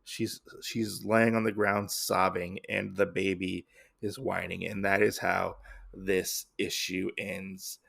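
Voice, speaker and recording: Male comic-podcast host, gravelly voice, casual rambling recap style. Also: deep voice, flat delivery, takes it slowly, a bit bright. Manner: rambling, heavy on fillers.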